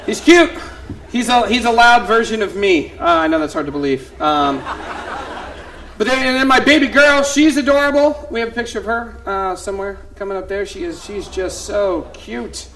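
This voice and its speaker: A man telling comic stories in a one-man stage show, acting out the voices of his family members. His voice is fairly high for a man. Faint noise sits under the live-theater sound. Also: expressive, normal speed, fairly bright tone, a faint crowd. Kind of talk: stand-up storytelling.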